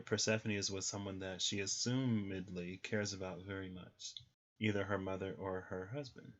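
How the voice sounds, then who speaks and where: Man, low voice, casual livestream tarot reading, rambling with ums, slightly muffled lo-fi audio. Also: flat delivery, fairly quick, fairly bright tone. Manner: rambling, thinks aloud with many ums. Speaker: tarot reader.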